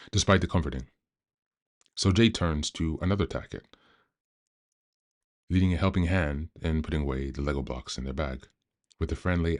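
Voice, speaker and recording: Man, extremely low voice, calm, measured, reads a book aloud, podcast host.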